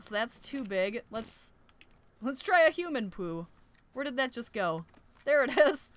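Young woman let's-play host, high bright voice, excitable and giggly. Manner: excitable, shrieks and laughs at in-game danger. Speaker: gaming YouTuber.

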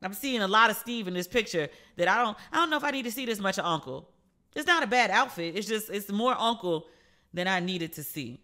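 Bright, animated American woman podcast host. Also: mid-range voice, brisk. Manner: animated, gossipy storytelling with quoted voices. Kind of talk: casual solo podcast chat.

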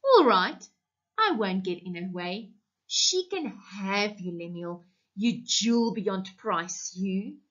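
A woman's voice: medium pitch, expressive, slow pace, a bit bright, highs cut off. A woman reading aloud the lines of a bitter, menacing wife in a story. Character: bitter, dangerous jilted wife.

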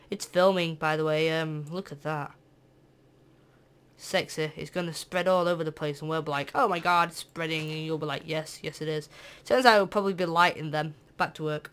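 Excitable British teen gamer, sing-song. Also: medium pitch, moderate pace, clear, resonant tone. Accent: British English. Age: teens. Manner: excitable and jokey, breaks into sing-song and sudden shouts. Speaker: gameplay channel host. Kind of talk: let's-play gameplay commentary.

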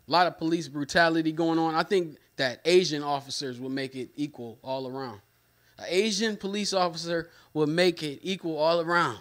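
Bright-voiced stand-up comedian, rambling. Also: male voice, on the high side. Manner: casual slangy rambling, repeats lines, trails off quietly.

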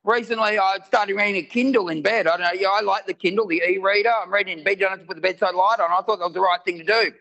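A high-pitched man in middle age, performing stand-up with a gravelly edge and a bright, sharp tone. He tells his stories in an animated way and shouts his punchlines. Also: very fast, hardly any pauses. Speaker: stand-up comedian. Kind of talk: stand-up comedy set. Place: live venue with audience.

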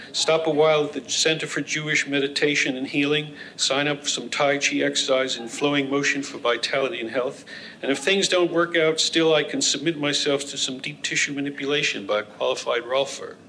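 A man reading a humorous personal essay aloud in a wry, deadpan manner. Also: medium pitch, slight background noise, poor audio.

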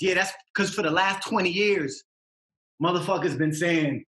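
A man's voice: on the high side, moderate pace, fairly bright tone, reverberant. A young man, a rapper talking in a casual podcast interview, emphatic and slangy, hammering his points home. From Massachusetts. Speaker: rapper guest.

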